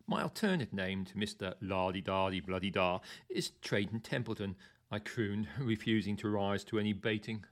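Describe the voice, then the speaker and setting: A man's voice: lowish voice, normal speed. A man narrating a first-person audiobook story in a theatrical, arch manner, savouring his words.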